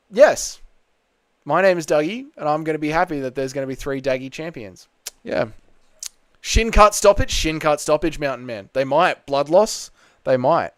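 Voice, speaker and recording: An Australian man hosts a casual livestream from home, reading viewer comments aloud and bantering back. His voice sits a little high and swings animatedly up and down. The sound is dry and close, with no room echo. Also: smooth. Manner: chatty, reads comments aloud then answers with banter. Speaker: podcast host. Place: home room with balcony window open.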